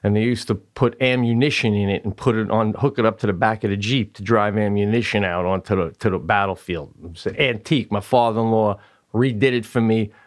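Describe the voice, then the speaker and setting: A man's voice: on the low side, fairly even intonation, a little fast. A man co-hosting a podcast who tells stories in casual chat, swearing freely and laughing often. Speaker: podcast co-host.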